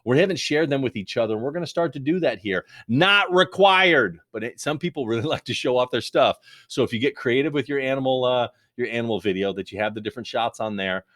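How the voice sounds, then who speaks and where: A man's voice: medium pitch, quick pace, hardly any pauses, no room sound. A man teaching a recorded video lesson in a rambling, joking, conversational way into a close mic.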